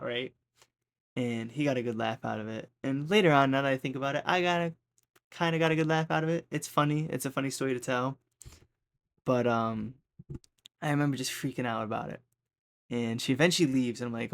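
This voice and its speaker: Gravelly man telling a rambling story. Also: medium pitch, fairly even intonation, fairly quick. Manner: rambling, keeps asking "right?". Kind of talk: casual storytelling.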